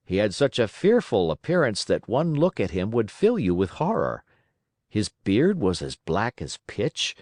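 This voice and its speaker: A man narrating a classic children's story for English learners, reading in an expressive, lively way. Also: medium pitch, no room sound, studio quality.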